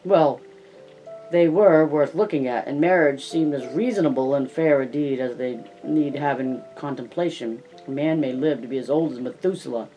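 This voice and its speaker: Brief: male reader as a sharp exasperated statistics man, faint music. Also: medium pitch, normal speed, natural voice, poor audio. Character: sour lecturing gentleman fond of statistics. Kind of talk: audiobook character reading.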